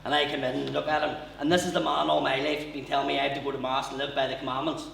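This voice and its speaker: Gravelly stand-up comic. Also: male voice, mid-range voice, level tone, racing, fairly bright tone, a little hiss or hum. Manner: storytelling, swearing, conversational. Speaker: comedian. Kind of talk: stand-up comedy. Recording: echoey room heard from far off.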